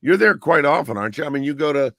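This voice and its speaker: A man's voice: on the high side, expressive, fast, creaky, a bit bright, no echo, clean studio sound. An older man, a radio broadcaster guest, chatting eagerly and rambling with many fillers. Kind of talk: casual interview chat.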